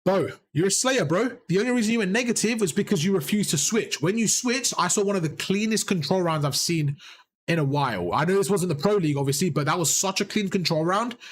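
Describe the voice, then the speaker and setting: A young man coaching players and chat through a live game review, excited and rapid, his voice worn out. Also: high voice. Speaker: esports coach and streamer. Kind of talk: live VOD review commentary.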